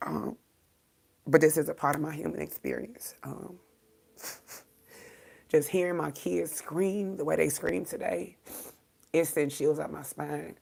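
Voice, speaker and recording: Woman, low-pitched, gravelly, grieving, halting livestream talk, near tears. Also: a little mellow. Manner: halting, many ums, swears, faith talk. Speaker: livestream host.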